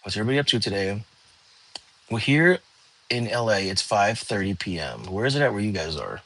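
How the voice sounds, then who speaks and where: Husky lowish guy, tired and laid back, just chatting to his live viewers from home. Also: brisk. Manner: relaxed, yawning, chatting with viewers. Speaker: livestream host. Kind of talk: casual livestream chat. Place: home, lying down.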